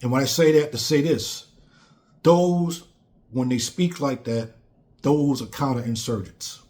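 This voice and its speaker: A man's voice: mid-range voice, measured pace, darkish tone. A man giving a blunt, emphatic casual monologue on politics, repeating phrases for stress. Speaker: commentator.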